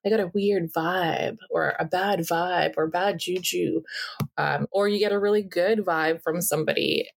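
A woman co-hosting a casual podcast, talking in an animated way and acting out the reactions she quotes. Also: fairly low pitch, a little slow, creaky, slight background noise. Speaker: podcast co-host.

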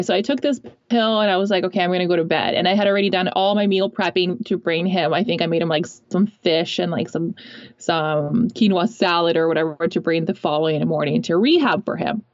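A young woman tells a personal story in a loose, rambling way and leans on filler words as she goes. Her voice is mid-pitched. The recording is close and dry, with a muffled, lo-fi tone. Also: no echo. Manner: chatty, rambling, many fillers. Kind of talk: casual storytelling. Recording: dull lo-fi recording.

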